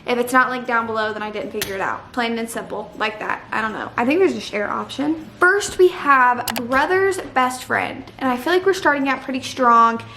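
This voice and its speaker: A young woman with a fairly high voice chats about her opinions in a casual, dramatic way. She sounds like she is in an echoey room, with a faint hiss of noise behind her. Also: moderate pace, hardly any pauses, bright, forceful tone. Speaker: book vlogger. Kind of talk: casual chat.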